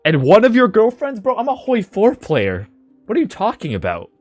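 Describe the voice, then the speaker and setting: A man's voice: sits high, moderate pace, dry recording, faint music behind. A male game streamer chatting casually on a live stream, swearing and laughing as he thanks donors. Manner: animated, swears, laughs a lot.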